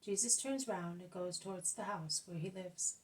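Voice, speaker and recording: A woman reading a religious narrative aloud as an audiobook, calm and even, with quoted speech voiced softly. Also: on the low side, normal speed, distant mic, low-quality recording. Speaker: audiobook reader. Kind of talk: scripted narration of religious text.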